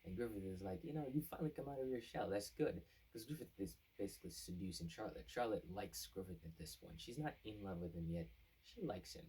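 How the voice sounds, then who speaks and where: A man's voice: sits low, darkish tone, breathy edge, recorded from a distance, poor audio. A man casually recapping an anime plot as a reviewer, rambling and acting out the characters' lines. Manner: rambling, with many fillers and restarts, acting out quotes.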